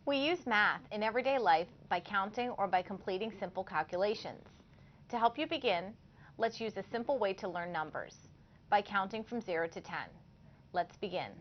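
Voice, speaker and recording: A woman co-hosting a short scripted language lesson, reading examples carefully and clearly. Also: mid-range voice, expressive, normal speed, highs cut off, a little hiss or hum. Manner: clear, careful teacherly delivery. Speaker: language teacher co-host.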